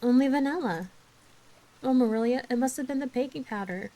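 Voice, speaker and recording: Brief: woman doing an anguished orphan girl, pitched up, dramatic storybook reading. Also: fairly quick, dark tone.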